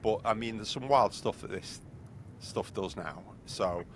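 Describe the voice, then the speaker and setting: Brief: low-voiced male podcast host, loose and chatty, lots of "you know". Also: unhurried, slight background noise. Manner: rambling, heavy on fillers like "you know". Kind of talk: casual chat.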